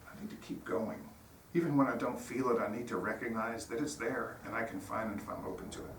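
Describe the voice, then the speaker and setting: A man's voice: mid-range voice, lively intonation, fairly quick, a bit bright. Man preaching in a roomy church. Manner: conversational, earnest storytelling. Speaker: guest speaker. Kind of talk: informal sermon. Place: church sanctuary. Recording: roomy hall, distant mic, faint noise.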